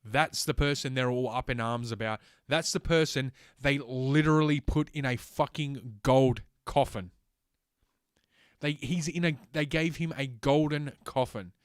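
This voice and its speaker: A man's voice: mid-range voice, measured pace, clean tone, no room sound, studio quality. A man hosting a solo livestream, ranting sarcastically with heavy swearing and stumbling as he reads text aloud. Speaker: host.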